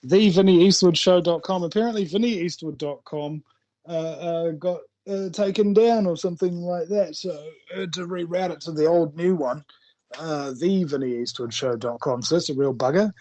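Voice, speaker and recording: A man's voice: on the high side, moderate pace, darkish tone, highs cut off. Chatty New man telling jokes. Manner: chatty, jokey, rambling storyteller. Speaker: guest. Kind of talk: casual chat, joke telling.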